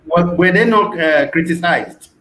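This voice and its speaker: A man's voice: a little high, unhurried, fairly bright tone. A man co-hosting, questioning and clarifying points in a casual debate. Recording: roomy echo.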